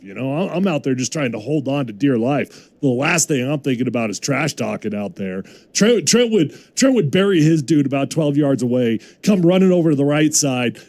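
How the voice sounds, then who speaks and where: A man who used to play on the offensive line, talking on sports radio in an excitable, emphatic way and repeating himself for effect. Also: on the high side, dry recording. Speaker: former football lineman, co-host. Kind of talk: sports talk radio chat. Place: radio studio.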